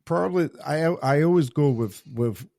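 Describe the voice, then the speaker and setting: Podcast host guy in his 30s, mellow voice, kinda hesitant, lots of restarts. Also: on the high side, moderate pace, gravelly, no echo, studio quality. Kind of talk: interview conversation.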